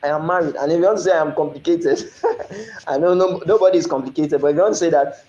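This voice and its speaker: Young man, 20s, French teacher, online lesson, slow repeated phrases, slightly high voice, echoey room. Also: a little mellow. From Nigeria. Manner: repeats phrases slowly for learners, asks if they follow.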